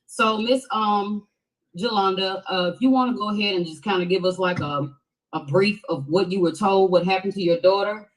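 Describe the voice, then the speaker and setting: A woman's voice: mid-range voice, normal speed, poor audio. Woman hosting casually, full of fillers. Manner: casual, loose, many "um" fillers. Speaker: host. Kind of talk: hosting a live-stream interview.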